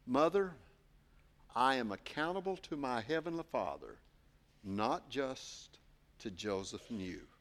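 Young Jesus answering his mother with polite, measured calm, played by a male preacher. The words come slowly and deliberately, each phrase given its own weight. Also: mid-range voice, voice pushed down. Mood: earnest. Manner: gentle, measured.

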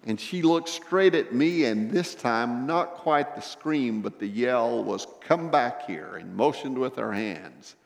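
Male pastor preaching, loud then hushed, lots of questions to the folks, long echoey church hall. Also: medium pitch, slow pace, creaky, few pauses. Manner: emphatic, swings from loud raised delivery to hushed intimate tones; addresses the congregation directly with rhetorical questions. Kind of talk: sermon.

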